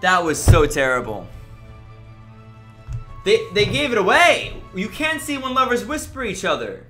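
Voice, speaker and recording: Exasperated high-voiced male streamer. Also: wildly swooping pitch, a little slow, pushed and bright, soft background music. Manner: exasperated ranting at players. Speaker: game streamer. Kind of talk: livestream commentary.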